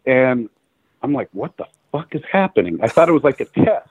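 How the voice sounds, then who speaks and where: A man's voice: medium pitch, moderate pace, slightly rough, dry recording. A middle-aged man, a photographer, telling stories in a casual interview and acting out the dialogue of the people in them. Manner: animated storyteller acting out quoted dialogue, laughing. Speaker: guest photographer. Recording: dry tinny phone-like line.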